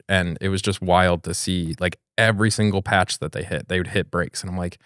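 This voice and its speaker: A man's voice: deep voice, steady tone, fast, hardly any pauses, fairly bright tone, no room sound, studio quality. A man from New York co-hosting a podcast, talking in a casual, blunt, ranting way and swearing freely. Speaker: podcast co-host. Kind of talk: casual chat.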